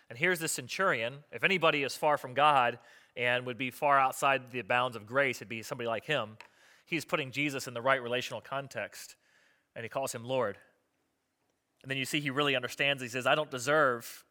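A man's voice: mid-range voice, pushed and bright. A man, a pastor, preaching a sermon in a conversational, joking way, acting out the voices of people in the story.

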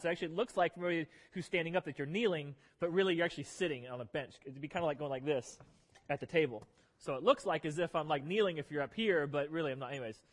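Man, pastor, high voice, animated joking sermon, long hall reverb. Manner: animated, joking, self-deprecating. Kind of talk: humorous sermon storytelling. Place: church sanctuary.

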